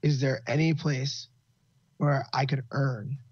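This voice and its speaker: A man's voice: mid-range voice, steady tone, takes it slowly, darkish tone, slightly rough, dry recording. A man in casual podcast talk, laid-back and swearing freely. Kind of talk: casual chat. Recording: dull, slightly muffled audio.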